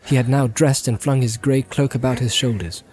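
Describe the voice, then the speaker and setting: Man, audiobook narrator, mellow, warm, steady, measured. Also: medium pitch, faint music behind. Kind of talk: scripted narration.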